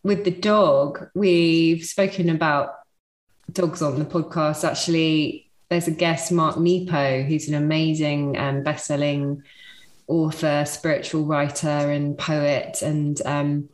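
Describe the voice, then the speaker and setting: A woman hosting a podcast, with a somewhat low voice. She speaks in a gentle, reflective way. The sound is noticeably roomy. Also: level tone, takes it slowly. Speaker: podcast host. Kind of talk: podcast interview.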